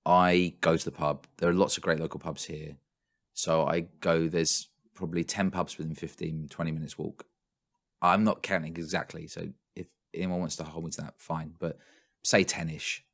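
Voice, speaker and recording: A man with a very low voice chatting on a podcast. He rambles through anecdotes in an animated way and laughs easily. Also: moderate pace. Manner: animated, rambling storyteller who laughs often. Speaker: podcast co-host. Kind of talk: casual chat. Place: home in London.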